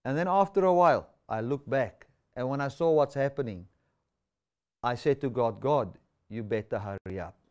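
A man's voice: mid-range voice, lively intonation, moderate pace, a little mellow, natural voice. A man doing a frightened Xhosa passenger. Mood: earnest.

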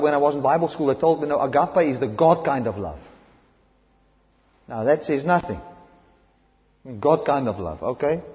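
A man with a South African accent preaching a sermon, impassioned and swinging between loud emphasis and hushed lines. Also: mid-range voice. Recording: dull lo-fi recording in a reverberant hall.

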